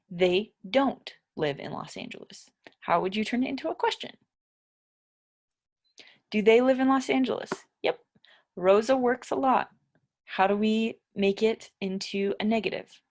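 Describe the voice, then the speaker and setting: Female English teacher, patient and methodical, leads a grammar lesson. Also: mid-range voice. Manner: patient, explains step by step, asks learners questions.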